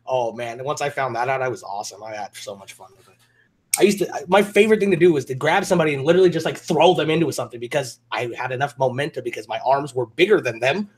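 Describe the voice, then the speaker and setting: Husky fast-talking man, profane storyteller. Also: mid-range voice. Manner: animated storyteller, swears a lot, acts out voices. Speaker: podcast co-host. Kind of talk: casual chat.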